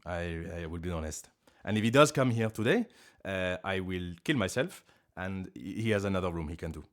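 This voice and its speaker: A man chatting on a home live stream with a low voice that swings up and down a lot. He rambles and makes fun of himself, now and then yelping loud and high. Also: lively intonation, brisk. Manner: rambling, self-mocking, with sudden loud high outbursts. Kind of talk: casual live-stream chat. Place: living room at home.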